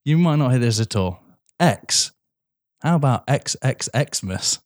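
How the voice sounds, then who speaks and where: A man's voice: mid-range voice, animated. Sweary, joking man in casual banter. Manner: sweary, quick banter with frequent laughter. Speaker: podcast co-host. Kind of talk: casual comedic chat.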